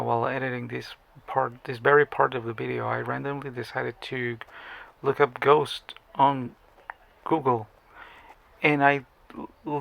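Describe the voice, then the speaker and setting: A man's voice: medium pitch, creaky, fairly bright tone, poor audio. A man casually recapping a movie plot in a rambling, profane way, often restarting words. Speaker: movie reviewer.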